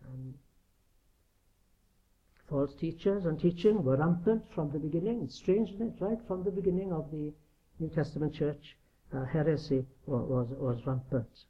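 A man's voice: on the high side, lively intonation, moderate pace. Earnest preacher man, lo-fi recording. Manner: earnest, emphatic, with rhetorical questions. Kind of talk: sermon. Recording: dull lo-fi recording.

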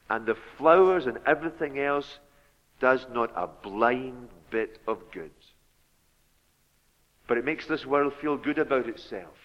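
A man preaching a sermon, slow and deliberate, rising to loud, fervent exhortation. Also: fairly high pitch. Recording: long hall reverb, dull lo-fi sound.

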